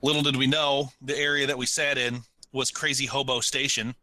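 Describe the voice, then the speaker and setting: A man co-hosting a podcast, telling a story in a casual, animated way and acting out what people said. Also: medium pitch, fairly quick. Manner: animated, laughs while telling stories, acts out quotes. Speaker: podcast co-host.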